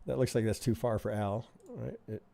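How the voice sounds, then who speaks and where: A man's voice: mid-range voice, sing-song, normal speed, creaky, dark tone. A man teaching trading on a live stream, reviewing charts in a chatty way and often asking "right?". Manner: conversational, keeps asking "right?", thinks aloud. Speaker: trading instructor.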